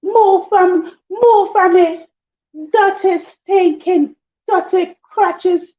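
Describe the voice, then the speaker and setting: A woman putting on a high, soft, sweet voice with a put-on British accent, scolding someone in a mock-polite way. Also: steady tone, extremely slow, heavily acted. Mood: sweetly scolding. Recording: dull lo-fi stream audio.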